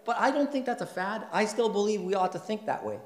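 A male pastor delivers a sermon in a conversational style and keeps checking in with his listeners. His voice sits a little high, and it swells into loud, emphatic stretches. The recording has a roomy echo. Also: animated, fast talker. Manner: conversational, asks the congregation questions; builds to loud, emphatic passages. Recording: echoey room.

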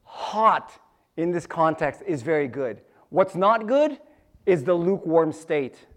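Casting note: male preacher with a slightly high voice, folksy and chatty, asks the congregation questions. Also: lively intonation, takes it slowly, a bit bright. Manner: conversational storytelling, asks the audience questions; repeats phrases, restarts sentences. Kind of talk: sermon.

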